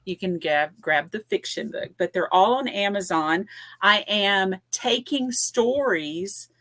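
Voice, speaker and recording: A woman's voice: medium pitch, slow pace, a bit bright. A woman from Tennessee with a Southern twang, talking as a podcast guest in an easygoing, plain-spoken way. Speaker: podcast guest, paranormal investigator. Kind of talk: casual podcast conversation.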